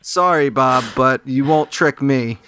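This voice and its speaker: A man's voice: medium pitch, a little slow, a little hiss or hum. A man on a comedy game show panel, riffing in long absurd jokes. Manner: joking, rambling, deadpan absurd riffs.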